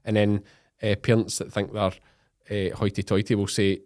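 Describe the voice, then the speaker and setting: A man's voice: fairly low pitch, level tone, moderate pace, darkish tone. A man in his thirties from Scotland with an Ayrshire Scottish accent, co-hosting a casual podcast chat, joking and laughing as he acts out little bits. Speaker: podcast co-host.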